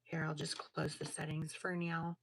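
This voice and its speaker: A woman's voice: deep voice, level tone, moderate pace, slightly rough, dry recording. A woman hosting a casual livestream, chatting in a sassy, slangy way while crafting jewelry. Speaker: livestream host.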